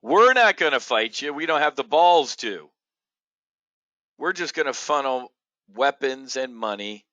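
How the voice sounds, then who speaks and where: A man hosting an opinionated market commentary show, blunt and combative, jumping from loud outbursts to low muttering. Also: lively intonation, measured pace, dry recording. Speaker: options trading show host.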